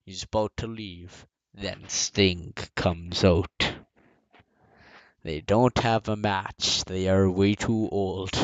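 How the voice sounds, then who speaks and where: A man's voice: on the low side, no echo, lo-fi sound. A man hosting a casual show, recapping wrestling events and acting out the wrestlers' speeches. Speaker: host.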